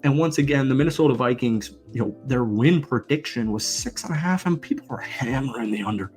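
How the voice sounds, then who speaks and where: Male sports vlogger, emphatic ranting delivery, mid-pitched, faint music underneath. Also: animated, fairly quick, a little mellow. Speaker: football channel host. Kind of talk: sports commentary vlog rant.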